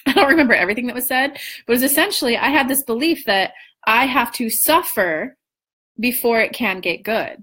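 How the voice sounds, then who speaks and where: A woman in her thirties telling a personal story to her viewers in a casual, animated way, swearing freely and acting out what people said. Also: on the high side, brisk, breathy edge. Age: 30s. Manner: animated, swearing, acts out quoted dialogue. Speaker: spiritual coach and vlogger.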